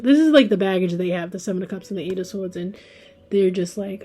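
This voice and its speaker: Tarot reader, woman, relaxed mellow tone, chatty and musing as she pulls cards. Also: medium pitch, a little fast, slightly rough. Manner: chatty, thinks aloud while drawing cards. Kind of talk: pick-a-card tarot reading.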